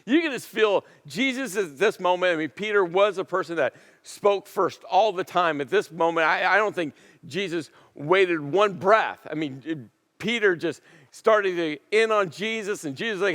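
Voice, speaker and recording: A man preaching a sermon as a pastor, telling a story with emphatic repetition and dramatic pauses. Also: sits high, expressive, a bit bright, big-room sound. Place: church auditorium.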